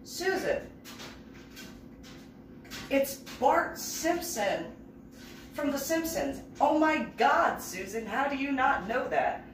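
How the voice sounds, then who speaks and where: An exasperated schoolboy, incredulous and teasing, drawing out his disbelief in a higher voice, as a woman quotes him. She speaks from far off the mic in an echoey room, with steady noise behind her. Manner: incredulous, drawn-out exclamations. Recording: roomy, distant mic, noisy background.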